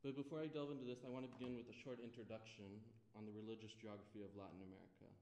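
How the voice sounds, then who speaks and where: Young male doctoral student, formal measured lecture delivery, low and warm, echoey room. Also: steady tone, a little hiss or hum. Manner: measured, formal, reading from notes. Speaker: doctoral student giving a seminar talk. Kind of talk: prepared academic lecture.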